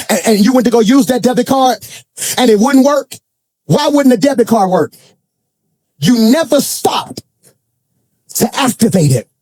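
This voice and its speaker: A man preaching from the pulpit in a very high, mellow voice. He shouts and sings his lines in bursts, then drops into loose, colloquial storytelling with asides to the congregation. The sound is close and dry. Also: no echo. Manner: preaching in bursts of shouting and sing-song cadence. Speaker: pastor. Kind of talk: sermon. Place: church.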